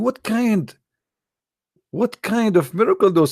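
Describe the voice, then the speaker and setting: A man with a gravelly, creaky voice hosts a call-in debate, blunt and scornful, hammering his points through repetition. The sound is dry and close to the mic. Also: a little high, animated, a little fast, a little mellow, dry recording. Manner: blunt and scornful, repeats himself. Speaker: host of call-in debate show.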